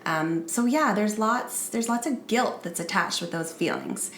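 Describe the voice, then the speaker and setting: A woman's voice: medium pitch, expressive, measured pace, a bit bright, a little hiss or hum. A woman co-hosting a casual podcast chat, talking in an upbeat, emphatic way. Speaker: podcast co-host. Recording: echoey room with faint music.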